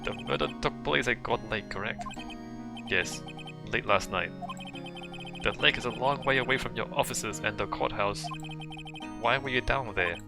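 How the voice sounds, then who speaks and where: A man's voice: mid-range voice, normal speed, gravelly, pauses often, music in the background, natural voice. A man reading the lines of a cold, haughty young male prosecutor behind bars, curt and dismissive. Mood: probing. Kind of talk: reading game dialogue aloud.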